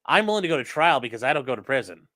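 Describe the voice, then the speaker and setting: A man's voice: medium pitch, very animated, very fast, pushed and bright. A man, a lawyer, chatting casually on a livestream and answering viewer comments before trial footage. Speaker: lawyer streaming a trial with live chat.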